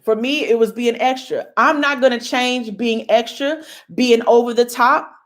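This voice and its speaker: A woman's voice: a little high, unhurried. A young woman hosting a casual motivational talk to her viewers, emphatic and bold like a preacher. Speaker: host.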